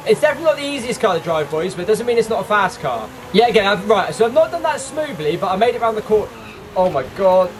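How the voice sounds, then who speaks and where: A man commenting on a racing game while he plays, excitable and quick to burst into frustrated shouts. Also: high-pitched, background noise. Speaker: gaming YouTuber.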